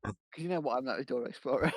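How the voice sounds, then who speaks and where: A man's voice: medium pitch, animated, very fast, crowd noise. A man co-hosting a casual film podcast, chipping in with short jokey remarks and laughing often. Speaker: podcast co-host. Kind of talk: casual film-review chat.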